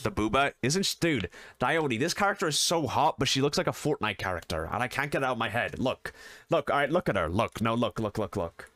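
A man's voice: mid-range voice, animated, fairly quick, a bit bright. A young man streaming a video game and chatting casually with his viewers, goofy and joking, repeating himself and swearing. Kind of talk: casual gaming stream chat.

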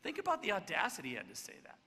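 A man's voice: high-pitched, huge pitch swings, rapid-fire, sharp tone, husky. A man preaching a sermon in a conversational way, with rhetorical questions and restarts. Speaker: pastor. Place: church. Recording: long church hall reverb.

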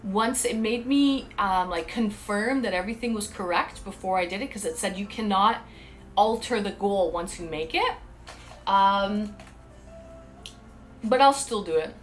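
A woman's voice: medium pitch, a little slow, faint music behind. A woman streaming live, chatting casually and talking straight to her viewers. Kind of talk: casual livestream chat.

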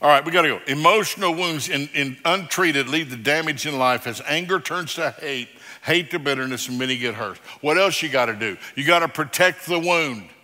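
A male pastor preaching a sermon, emphatic and direct, moving between loud declarations and quiet, low passages. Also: brisk, hardly any pauses, big-room sound. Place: church sanctuary.

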